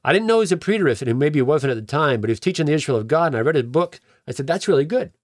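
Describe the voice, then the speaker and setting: In a dry, echo-free studio recording, a pastor relates his own testimony in a chatty way, repeating words and performing the dialogue others said to him. His voice is a little high and expressive, and he talks very fast.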